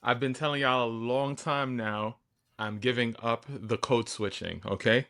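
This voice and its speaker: A man's voice: mid-range voice, fairly even intonation, a little slow, bright, forceful tone. A man in his forties with a New York accent, co-hosting a casual podcast chat, emphatic and laughing often. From New York, family from Guyana. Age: 40s. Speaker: podcast co-host.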